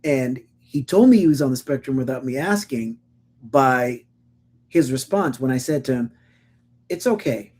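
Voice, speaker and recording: A middle-aged man co-hosting a relaxed podcast, his voice dark and mellow. He tells stories casually, often restarting his sentences, and bursts into animated impressions of the people he quotes. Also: mid-range voice, normal speed. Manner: animated storytelling with acted-out quotes; stammering restarts. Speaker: podcast co-host. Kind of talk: casual conversation.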